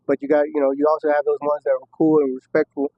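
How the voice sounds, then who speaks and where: A man's voice: on the high side, monotone, fast talker, no echo. A man casually telling a story from prison, heavy on profanity, laughing at times and acting out what others said. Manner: profane, laughing, acts out quoted voices. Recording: dull muffled dry audio.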